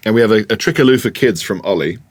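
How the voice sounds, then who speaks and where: A man's voice: on the low side, lively intonation, quick pace. A man co-hosting a comedy podcast, reading listener emails aloud with dry, playful comic timing. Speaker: podcast co-host.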